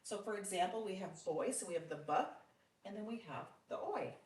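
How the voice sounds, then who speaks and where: Woman, phonics tutor, encouraging and deliberate; reverberant, distant recording. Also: mid-range voice, a little mellow. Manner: patient, encouraging, with frequent praise; slow, deliberate sounding out of words. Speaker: phonics teacher. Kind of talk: one-on-one phonics lesson. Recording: roomy sound from off mic.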